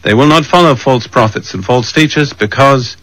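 A man preaching a sermon, measured and emphatic, slowing down to read scripture verses aloud. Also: mid-range voice, a bit bright, dry recording, rough recording.

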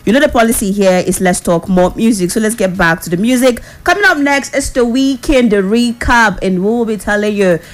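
A Nigerian woman hosting a radio show with lively, teasing banter, in a radio studio. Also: a little high, fairly quick, hardly any pauses. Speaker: radio host.

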